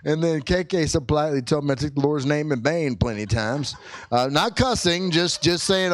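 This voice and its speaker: A middle-aged man, a pastor, telling a funny family story from the pulpit, jumping into high excited yelps as he acts out what people said. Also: normal speed. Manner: animated, acts out quotes with sudden high-pitched yelps. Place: church sanctuary.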